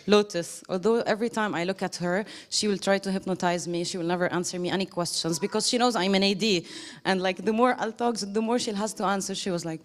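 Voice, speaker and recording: A woman's voice: medium pitch, quick pace. A woman giving a casual, emotional thank-you speech to a group, laughing often and quoting others.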